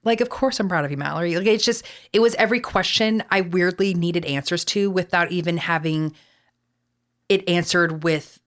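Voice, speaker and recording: A chatty Texan woman co-hosting a podcast, her voice sitting on the low side. She rambles through fillers and drops casual swears as she tells her stories. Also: moderate pace. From Texas. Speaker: podcast host. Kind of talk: casual chat.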